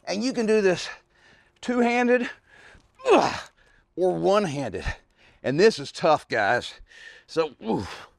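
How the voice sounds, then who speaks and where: A man's voice: high-pitched, animated, takes it slowly, vocal fry, pauses often, dry recording, clean studio sound. Out-of-breath man demonstrating exercises. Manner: talks while lifting, grunting and sighing with effort. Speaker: fitness coach. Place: outdoors in a backyard.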